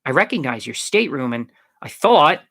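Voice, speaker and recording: A man's voice: medium pitch, sing-song, normal speed, a bit bright. A man voicing a cocky, street-smart young male stowaway. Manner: cocky, brash.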